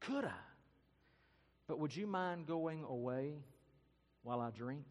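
A man's voice: fairly high pitch, animated, slow, long reverb tail. A man voicing a frightened, thirsty young girl who pleads timidly and hesitantly. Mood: timid pleading.

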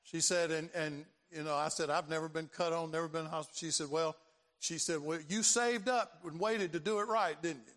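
A man, preaching a sermon and telling a personal story, acting out voices and building to loud emphasis. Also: on the high side, steady tone, brisk. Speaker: pastor. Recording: long hall reverb.

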